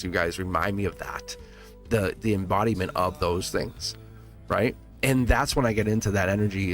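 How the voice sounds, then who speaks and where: A fairly low-voiced man runs a live tarot reading in a loose, chatty way, encouraging his viewers and laughing often. He restarts words as he goes. Faint music plays behind him. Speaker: tarot reader hosting a livestream.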